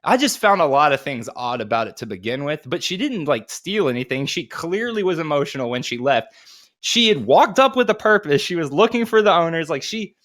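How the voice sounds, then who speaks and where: A man's voice: a little high, big pitch swings, brisk, fairly bright tone. A man in his thirties, a podcast co-host telling casual, profane, rambling anecdotes. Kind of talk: casual storytelling chat.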